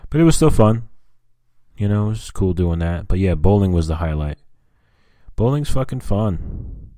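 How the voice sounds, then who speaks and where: A man's voice: sits low, animated, moderate pace, dark tone, no echo, studio quality. A man talking casually in a rambling personal vlog, full of fillers and swearing. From US Southwest. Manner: rambling, frequent fillers and cursing. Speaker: vlogger.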